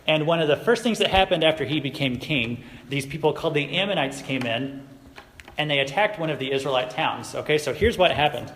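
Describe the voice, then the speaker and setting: A man's voice: fairly high pitch, fairly bright tone. A man giving a casual youth sermon, retelling a Bible story in everyday words and asking his listeners questions. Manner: conversational, asks the audience questions. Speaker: youth pastor. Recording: echoey hall recording, faint noise.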